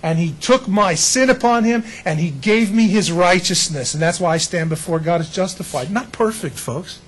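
A man with a rather high, husky voice delivers a sermon. He talks to the congregation in a conversational way, tossing out rhetorical questions and folksy asides. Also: moderate pace, low-quality recording. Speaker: pastor.

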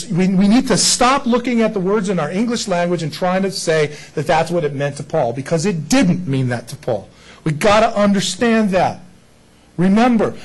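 A man's voice: high-pitched, low-quality recording. A male pastor preaching a casual sermon to a congregation, often putting rhetorical questions to his listeners. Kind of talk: conversational sermon.

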